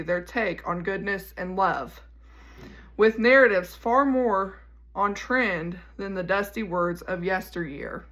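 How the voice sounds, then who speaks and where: A woman hosting a daily devotional, reading her message aloud in a measured, emphatic way before reflecting casually. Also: medium pitch, a bit bright. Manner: measured, emphatic, pointed delivery. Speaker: devotional podcast host.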